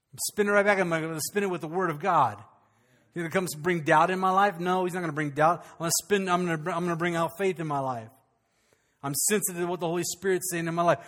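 A man preaching a sermon as pastor, animated and calling out questions to his congregation. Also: high voice, big-room sound.

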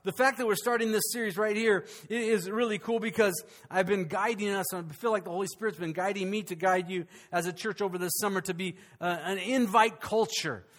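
A pastor preaching with a high, light voice. He talks in an animated, conversational way, often stopping and restarting his sentences with fillers. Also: fairly quick, hardly any pauses. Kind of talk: sermon.

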